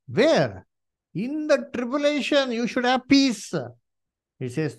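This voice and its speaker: A man preaching a sermon, swinging from hushed pleading to loud emphatic exhortation and asking the congregation questions. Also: sits high, sing-song, measured pace. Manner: asks the congregation questions and calls on members to read.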